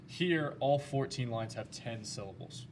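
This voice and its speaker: A man's voice: mid-range voice, measured pace, a little hiss or hum. Man teaching a recorded lesson. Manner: plain, steady explaining with fillers. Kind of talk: recorded lesson talking through slides.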